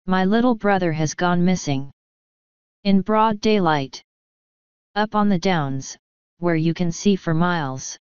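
Blunt no-nonsense little farm girl , lady narrator voicing her, slow, super clear. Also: lowish voice, no echo, lo-fi sound, close to an everyday voice. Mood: sharp. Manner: sharp, insistent. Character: determined young farm girl, sharp and blunt.

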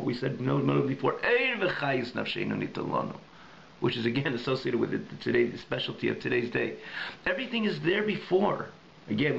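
A man's voice: mid-range voice, gravelly, muffled recording, slight background noise. A male rabbi teaching a class in a synagogue. He mixes Hebrew and Yiddish terms into English, restates phrases several ways, and thinks aloud with frequent restarts. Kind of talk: recorded adult education class.

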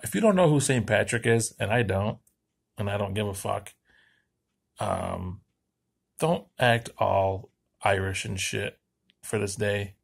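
A man's voice: lowish voice, creaky. An American man delivering a crude, profane comedic rant, heated and swearing constantly. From United States. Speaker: vlogger.

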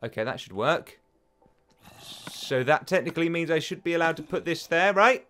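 A young British man hosts a let's play from his bedroom at home, offering casual gaming commentary. His voice is a little high and sharp, animated at a normal speed, and he rambles and gets flustered easily.

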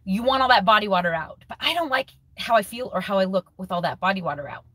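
A woman's voice: medium pitch, lively intonation, quick pace, fairly bright tone, no room sound. A woman in her forties talking candidly in a personal video diary, thinking aloud, sometimes restarting her sentences. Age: 40s. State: close to tears. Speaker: vlogger.

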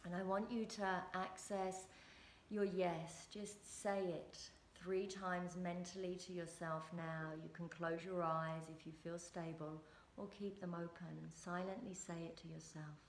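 With a fairly low voice and a measured pace, a woman who coaches relationships and teaches yoga guides a breath-and-movement practice. Her instructions start calm and swell into loud rhythmic chanting. The room echoes, and there's a slight hiss or hum.

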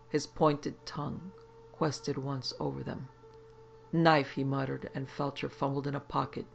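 A man reads a horror story aloud with dramatic, expressive delivery. His voice is gravelly and sits slightly high. The recording sounds dull and lo-fi. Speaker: narrator.

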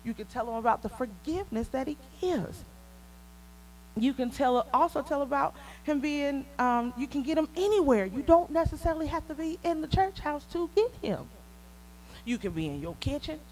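A woman with a Southern US accent preaching a conversational sermon, laughing often and rising to excited peaks. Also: sits high, normal speed, slight background noise, low-quality recording. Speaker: prophetess preaching.

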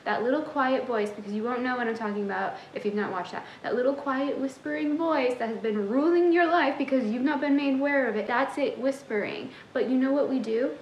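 A woman's voice: high voice, a little fast, hardly any pauses, echoey room, lo-fi sound, slight background noise. A young woman who coaches manifestation, giving a sassy, tough-love motivational talk straight to her viewers.

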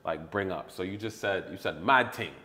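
A man's voice: deep voice, fairly bright tone. A young man, interviewing a guest in a casual, curious and playful way. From New York. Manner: curious, playful questions, quick laughs.

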